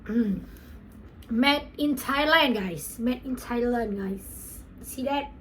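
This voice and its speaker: A woman with a Malaysian accent in a casual unboxing vlog, gushing and excitable as she mixes Malay and English. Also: on the high side, slow, a little hiss or hum, low-quality recording. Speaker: vlogger.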